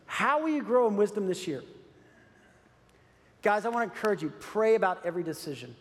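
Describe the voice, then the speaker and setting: A man's voice: sits high, big pitch swings, brisk. A man preaching a sermon as pastor, earnest and urging, repeating phrases for emphasis. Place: church sanctuary. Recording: long reverb of a large hall.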